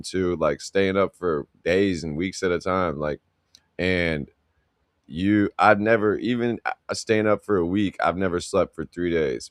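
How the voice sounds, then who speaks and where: A man with a very deep voice chats on a podcast in a slangy, rambling, laid-back way. The sound is dry and close, with no room around it. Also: dry recording. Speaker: podcast co-host. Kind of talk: casual chat.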